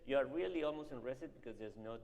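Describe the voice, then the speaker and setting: A man coaching a singer in a masterclass, talking in an animated, emphatic and dramatic way. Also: medium pitch, quick pace, noisy background. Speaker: voice teacher. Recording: reverberant hall with music.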